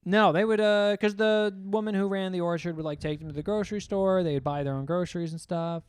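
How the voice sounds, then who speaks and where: A man's voice: high-pitched, fairly even intonation, a little fast, clean tone, dry recording. A young man co-hosting a casual podcast chat, telling rambling stories and swearing often. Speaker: podcast co-host.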